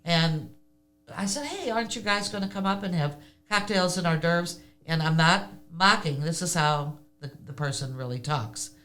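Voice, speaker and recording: An older woman telling stories in a casual interview, animated and laughing often. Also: on the low side, normal speed. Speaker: podcast guest.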